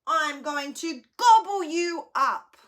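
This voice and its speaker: A woman doing a big scary troll from a storybook, male, greedy, loud and menacing, bellowing high and bright with wide swings, slow and drawn out. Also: animated, exaggerated voice. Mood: demanding. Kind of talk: storybook read-aloud.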